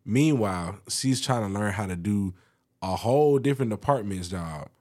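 A young man casually telling work stories on a podcast, loose and profane. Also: normal speed. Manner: laid-back storytelling, profane, lively pitch. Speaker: podcast co-host. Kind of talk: casual chat.

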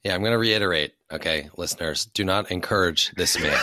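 A man co-hosting a podcast, talking casually and jokingly with a hoarse voice from a cold. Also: sits low, bright, forceful tone, dry recording. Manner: joking, conversational. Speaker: podcast co-host. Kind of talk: casual chat.

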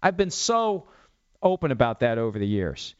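A mid-range, sing-song voice with a darkish, clean tone carries this solo sports talk monologue at normal speed. The host, a man in his fifties, rambles with strong opinions and a self-mocking streak; the recording is dry and lo-fi.

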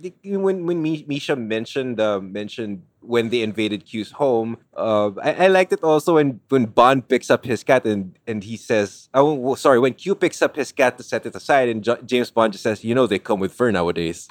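A man with an expressive, medium-pitched voice hosts a casual movie review podcast, speaking at a moderate pace with few pauses and no echo. He talks enthusiastically and rambles, often restarting his thoughts.

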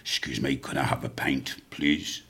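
A man voicing a modest old war veteran with a Geordie accent who speaks quietly and mildly. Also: rumbling low, fairly even intonation, moderate pace, breathy edge, pitched below the performer's own voice, full character voice. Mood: polite. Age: older. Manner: quiet, mild and understated.

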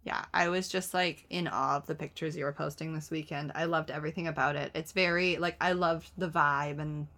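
A young woman co-hosting a podcast, chatting eagerly with a slightly rough morning voice. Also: low voice, fairly even intonation, brisk, few pauses, fairly bright tone. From Canada. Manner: enthusiastic, gushing. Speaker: podcast co-host. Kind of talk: casual chat.

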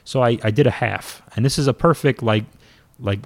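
A man, a former pro wrestler, telling a story in a casual, lively and self-mocking way, with some swearing. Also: mid-range voice, moderate pace, creaky, dry recording.

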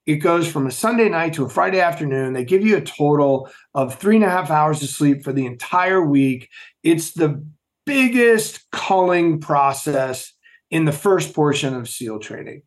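A middle-aged man telling stories as an interview guest, emphatic and animated, often asking rhetorical questions. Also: fairly high pitch, moderate pace. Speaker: podcast guest, former Navy SEAL. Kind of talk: storytelling interview.

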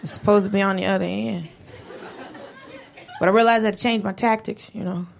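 Female stand-up, dry wry punchlines, gravelly tone, noisy stage audio. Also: medium pitch, fairly even intonation, a little fast. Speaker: stand-up comic. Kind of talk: live stand-up set. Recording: noisy live stage recording.

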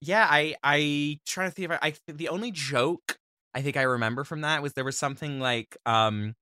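Bright-voiced deadpan young man. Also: a little high, normal speed, clean tone, dry recording. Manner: dry, jokey, deadpan asides. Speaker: podcast co-host. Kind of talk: casual comedic banter.

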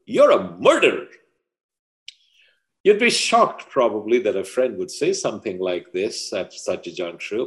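A man, a personal mastery coach, explaining ideas through parables as an interview guest, measured and deliberate. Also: fairly low pitch, a little mellow. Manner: measured storyteller.

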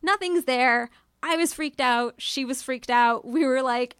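Young woman telling a spooky story, kinda high voice, lots of fry, super chatty, swears a bunch. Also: normal speed, fairly bright tone, no room sound. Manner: chatty, filler-heavy, swears freely, acts out her own quotes. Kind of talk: casual storytelling.

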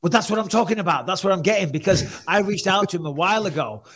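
A man's voice: sits high, fast talker, a bit bright. A man hosting a casual sports talk show, chatty and teasing, often repeating himself. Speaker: host and commentator.

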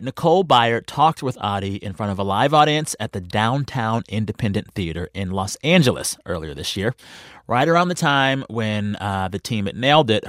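A man's voice: fairly low pitch, no room sound, clean studio sound. A man reading a scripted podcast introduction with a warning about content. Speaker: podcast host introducing episode.

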